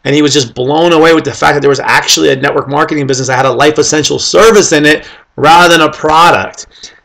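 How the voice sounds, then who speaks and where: A man telling his team casual, animated stories about recruiting people, acting out the conversations and speaking to his listeners directly. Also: on the high side, quick pace, vocal fry. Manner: animated, acts out quoted conversations; addresses listeners directly with "okay?" and "guys". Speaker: network marketing team leader.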